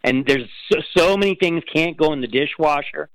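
An easygoing man as a guest in a casual chat, self-deprecating and quick to laugh. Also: fairly high pitch, rough recording.

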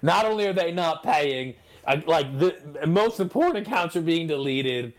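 A man's voice: fairly high pitch, expressive, moderate pace. A man co-hosting a sports talk show, riffing casually and playing out imagined quotes. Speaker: sports radio co-host.

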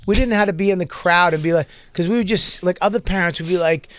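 A man's voice: sits high, quick pace, a bit bright, no room sound. A man hosting a comedy podcast, trading stories in casual chat, swearing freely and mimicking other voices. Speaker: podcast host.

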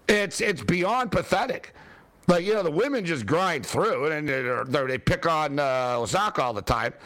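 A man ranting in a casual sports talk, animated and full of fillers. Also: on the high side.

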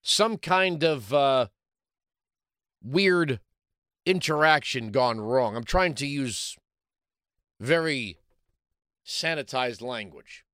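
A man's voice: medium pitch, lively intonation, slow pace, pauses often, fairly bright tone, no echo, clean studio sound. A man hosting a political talk show, delivering a combative, sarcastic commentary monologue.

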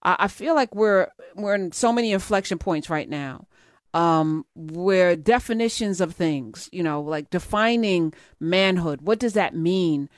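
A mid-pitched host teases a guest in a playful way during a casual video-call interview. The voice is close and dry, with no room sound around it. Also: unhurried, no echo. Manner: teasing, playful.

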